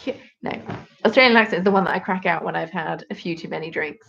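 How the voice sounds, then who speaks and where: A woman's voice: fairly low pitch, rapid-fire, gravelly, a bit bright, highs cut off. A British woman in her twenties hosting a live craft stream, chatting casually and teasing herself while reacting to viewer comments.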